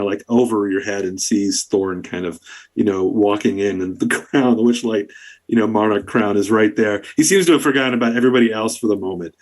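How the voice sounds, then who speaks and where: A man narrating a tabletop game as dungeon master, loose and chuckling as he fills in the scene. His voice is husky and sits a little low. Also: fairly quick.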